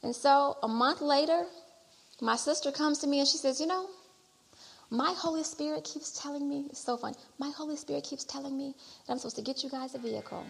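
A middle-aged woman preaching a sermon and telling her own testimony. She repeats phrases as she builds toward loud exhortation. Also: sits high, brisk, creaky. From Detroit area. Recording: long hall reverb.

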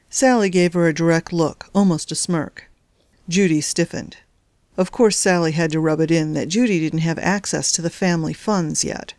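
A woman with a low, slightly mellow voice narrates a novel as an audiobook, reading a script at a moderate pace. It's studio-quality audio with no room sound.

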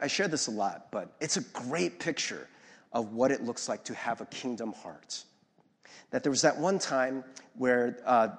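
A man preaching a sermon as pastor, lively and conversational, often asking the audience to follow along. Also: a little high, husky. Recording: long reverb of a large hall.

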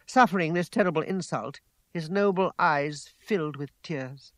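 A man narrating a story aloud with expressive, character-voiced storytelling. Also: on the high side, normal speed, no room sound. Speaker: audiobook reader.

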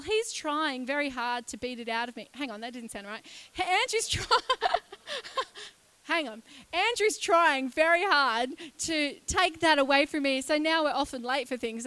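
Bright-voiced woman preaching. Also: sits high, clear, resonant tone. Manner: chatty, joking with the congregation. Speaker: guest preacher. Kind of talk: lively sermon. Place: church.

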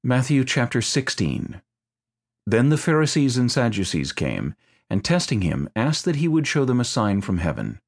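A man narrating scripture in a clear, steady reading voice. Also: mid-range voice, moderate pace.

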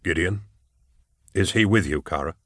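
A man playing a weary old male inquisitor in an audiobook, speaking low, hushed and measured. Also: no echo, clean studio sound. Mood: grave.

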